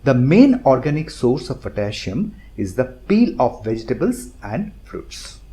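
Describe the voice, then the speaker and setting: Man, Indian English accent, mellow tone, animated pitch; methodical instructional host. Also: measured pace. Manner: methodical, explanatory, lists points one by one. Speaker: gardening channel host. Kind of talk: instructional narration.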